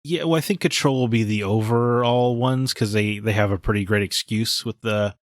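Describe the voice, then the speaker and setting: A man's voice: on the low side, normal speed, no echo, clean studio sound. A man co-hosting a gaming podcast, talking in blunt, opinionated casual chat. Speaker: podcast co-host.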